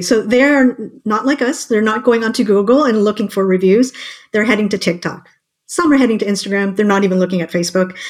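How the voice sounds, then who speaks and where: A woman in conversation, explaining points clearly and steadily in a voice of middle pitch. She leans on rhetorical questions to build her case. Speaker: guest marketing expert. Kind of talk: podcast conversation.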